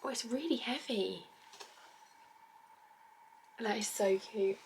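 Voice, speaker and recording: Excitable woman unboxing on her bed. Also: fairly high pitch, slow pace. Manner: excitable, gushing, drops to whispers while handling items. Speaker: vlogger. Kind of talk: unboxing vlog. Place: bedroom. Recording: loud crinkling paper noise.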